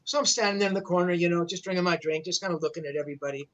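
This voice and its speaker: A man's voice: high-pitched, racing, fairly bright tone, lo-fi sound. A man in his sixties, a rock journalist, telling a long rambling anecdote in a casual way, full of "you know, man" fillers, over a video call.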